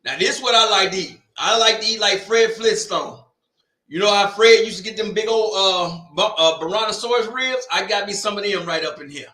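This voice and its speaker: Loud joking man, echoey room. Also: high voice, moderate pace. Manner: loud, joking, slangy banter. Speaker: watch party host. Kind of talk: casual chat. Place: home room.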